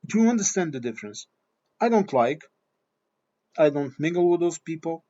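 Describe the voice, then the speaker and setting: A man's voice: a little high, very animated, moderate pace, mellow. Blunt, swearing man on a dull recording. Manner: blunt, swearing, repeats himself. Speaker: vlogger. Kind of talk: opinion monologue.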